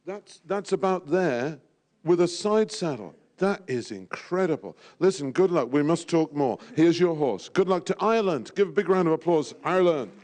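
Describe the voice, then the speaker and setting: A man's voice: a little high, expressive, moderate pace, darkish tone. A man emceeing a live event, jovial and teasing, sprinkling in French phrases. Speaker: event host at a draw.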